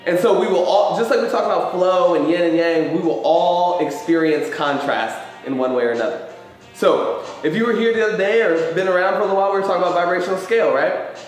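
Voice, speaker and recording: A man hosting a live question-and-answer show, talking in a loose, animated way about feelings and life and swearing casually. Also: high voice, quick pace, faint music behind. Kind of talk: casual motivational chat. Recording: very echoey room.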